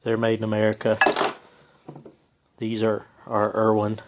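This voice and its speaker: Filming a repair in his home garage, a man rambles folksily with lots of ums in a casual how-to vlog. His lowish voice is completely flat and measured, and the recording is very noisy.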